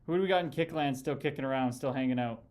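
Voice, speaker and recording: A man's voice: medium pitch, fast talker, darkish tone. A man hosting a casual livestream, reading viewer comments and arguing bluntly with a critic, calling people "brother" often. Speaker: livestream host.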